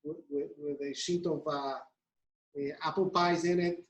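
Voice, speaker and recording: A pastry demonstrator presents a live cooking demonstration, explaining each step while hesitating, using many fillers, and restarting often. The voice is mid-range with fairly even intonation and an unhurried pace, heard through lo-fi sound.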